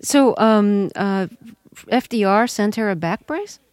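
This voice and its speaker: A woman hosting a radio interview, introducing her guest and asking measured questions. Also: medium pitch, lively intonation, darkish tone, no room sound. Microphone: studio microphone.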